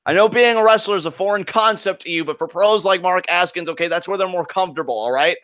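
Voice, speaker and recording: Male co-host, slightly high bright voice, heated profane ranting about a match. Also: quick pace, dry recording, clean studio sound. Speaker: co-host of wrestling reaction show. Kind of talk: live wrestling reaction chat.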